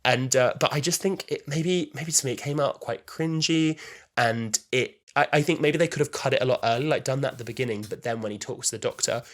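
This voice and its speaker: A man in his twenties co-hosting a podcast, giving quick, opinionated review talk in a casual chat. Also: medium pitch. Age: 20s. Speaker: podcast co-host.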